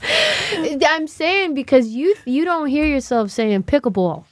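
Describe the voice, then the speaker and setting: A woman with a high, swooping voice teases her co-hosts in playful podcast banter and laughs easily. The sound is dry and close. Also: slow, no room sound. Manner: animated and teasing, laughs a lot. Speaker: podcast co-host. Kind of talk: playful banter about accents.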